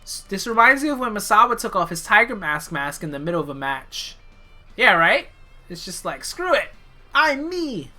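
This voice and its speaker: Bright-voiced, chatty streamer from Brooklyn. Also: female voice, medium pitch, fairly quick, soft background music. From Brooklyn, New York. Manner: chatty, reads game text aloud and jokes about own bad accents. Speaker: game streamer. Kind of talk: casual stream commentary while reading game dialogue.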